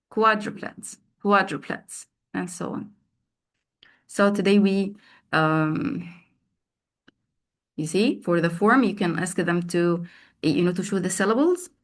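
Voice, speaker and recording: Woman, mid-pitched, slow and patient teacher trainer on a video call, repeats words for drills. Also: a bit bright. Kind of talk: online teacher training session.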